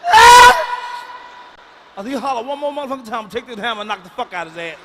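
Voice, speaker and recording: Brash, profane stand-up comedian, bright voice, hollers often, live hall echo and faint crowd noise. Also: male voice, very high voice, expressive, racing. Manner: loud, profane, hollering bursts.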